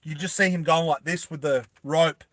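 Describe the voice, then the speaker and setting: A young man excitedly telling his viewers about his story ideas, rambling and correcting himself as he goes. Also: fairly high pitch, normal speed, dry recording. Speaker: animated film creator.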